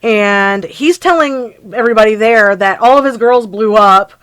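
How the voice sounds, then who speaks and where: A woman's voice: fairly high pitch, moderate pace, a bit bright, smooth, no room sound, low-quality recording. A woman co-hosting a podcast, casually recapping a movie plot and agreeing along with lots of "right" and "yeah.". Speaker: podcast co-host.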